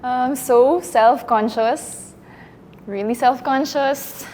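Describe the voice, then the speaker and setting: A woman's voice: sits high, takes it slowly, warm tone, long reverb tail, slight background noise. A woman narrating her feelings aloud during a workshop exercise, nervous and self-conscious, with bursts of laughter. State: anxious, breathy with nervous laughter. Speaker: acting workshop participant.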